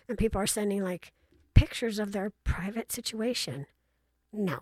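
A woman's voice: mid-range voice, lively intonation, brisk. A middle-aged woman tells stories in a frank, playfully blunt way, slipping into other people's voices as she goes. Her sound is dry and close, with no room echo. She keeps it casual and chatty throughout. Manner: acts out voices in her anecdotes. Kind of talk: casual storytelling monologue.

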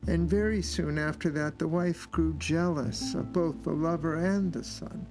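A man's voice: fairly high pitch, a little slow, poor audio. A man telling a long folk tale aloud, repeating phrases for emphasis as he goes. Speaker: storyteller. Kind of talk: oral storytelling. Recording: instrumental music playing behind.

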